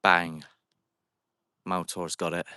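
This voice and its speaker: A man hosts a paranormal livestream outdoors in a cemetery, chatting casually with viewers and calling out to spirits on a handheld phone. His voice is low with little pitch movement, slow, sharp, clear and resonant. The sound is clean studio quality with no room sound.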